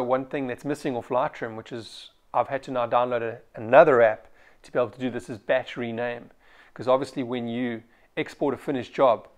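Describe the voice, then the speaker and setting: A man from South Africa, a photographer, talking through a product review in a casual way with frequent ums and restarts. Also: mid-range voice.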